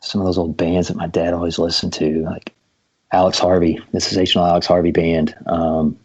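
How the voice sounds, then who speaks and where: A man of about forty, a guest drummer, speaks in a low, flat, briskly paced voice with a breathy edge. Chatting casually on a podcast, he tells laid-back stories studded with ums, captured in dull lo-fi sound.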